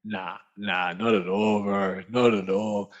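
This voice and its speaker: An Australian author and speaker, appearing as a podcast guest, tells a story in a fairly low voice and takes it slowly. He's animated and rambling, full of slang, and keeps restarting his sentences. The podcast audio sounds dull and lo-fi.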